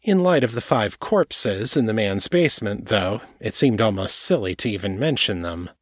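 Low-voiced man narrating an audiobook. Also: lively intonation, moderate pace, no echo, clean studio sound. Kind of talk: scripted narration.

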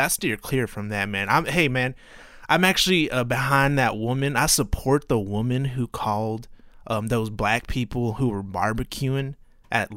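A man putting on the voice of a loud, bigoted redneck man ranting on a podcast. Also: medium pitch, dry recording, clean studio sound, full character voice. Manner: loud, brash, mocking rant. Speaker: podcast host.

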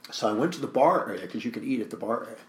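A man's voice: medium pitch, lively intonation, rapid-fire, roomy sound, a little hiss or hum. A man, a guest speaker and author, telling a story in an interview and acting out the dialogue with animation.

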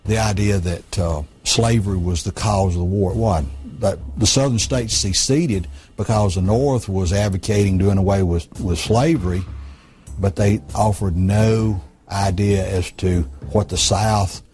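Low-voiced male interviewee, hesitant delivery with restarts. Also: a little slow, darkish tone, breathy edge. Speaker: interviewed state legislator in archive clip. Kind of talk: recorded interview answer.

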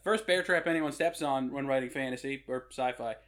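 A man's voice: mid-range voice, brisk. A man hosting a podcast, telling jokey anecdotes in casual conversation. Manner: joking anecdotal storyteller. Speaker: podcast host.

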